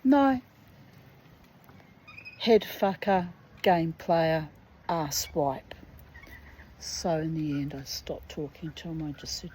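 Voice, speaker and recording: Middle-aged woman, slow and warm, blunt storyteller who swears, faint hiss behind. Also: low voice, low-quality recording. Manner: blunt, swearing, indignant asides. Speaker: reader and storyteller. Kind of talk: rambling personal monologue.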